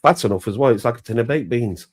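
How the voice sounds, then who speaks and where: A man's voice: mid-range voice, lively intonation, fast. A man, a caller trading aggressive, profane insults in a heated online argument. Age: 40s.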